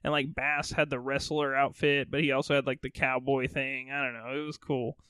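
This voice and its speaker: A man's voice: mid-range voice, flat delivery, fairly quick, pushed and bright, clean tone, no echo. A young man co-hosting a gaming podcast in casual chat, laid-back and peppering his talk with "like" and swearing. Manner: laid-back, filler-heavy with lots of "like" and swearing. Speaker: podcast co-host.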